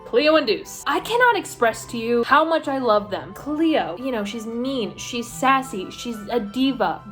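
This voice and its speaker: A young woman YouTuber chatting casually and animatedly, with playful slang. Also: fairly high pitch. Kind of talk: casual chat, ranking ships.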